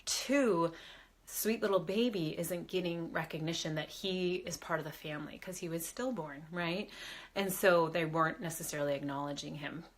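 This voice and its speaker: A woman working as a medium, casually telling a story to a live audience, chatty and lively, acting out quoted voices. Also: fairly low pitch, moderate pace. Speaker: medium and spiritual advisor.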